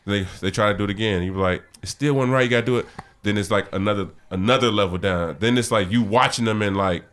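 Man, lowish voice, podcast guest, laughing storyteller, loose profane talk. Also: fast talker, fairly bright tone. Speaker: podcast guest, audio drama director. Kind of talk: casual podcast chat.

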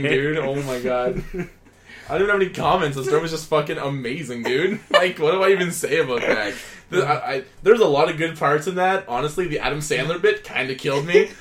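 A young man co-hosting a podcast, chatting excitedly and swearing, often saying dude. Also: a little high, brisk, slight background noise. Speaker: podcast co-host. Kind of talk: casual podcast chat.

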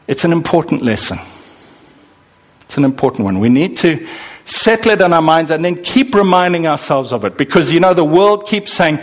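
A middle-aged man preaching a sermon, emphatic, acting out the voices he quotes. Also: sits high. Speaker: pastor.

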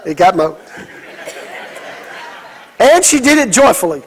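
A middle-aged man preaching a sermon, telling stories with lively acted quotes. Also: high-pitched, slow, some chatter behind, rough recording. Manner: animated storytelling with acted quotes. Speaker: pastor.

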